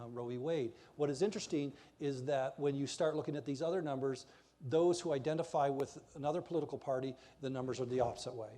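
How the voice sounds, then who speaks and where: A man's voice: a little high, warm tone. A man preaching a passionate, emphatic sermon in a church while pointing to slides.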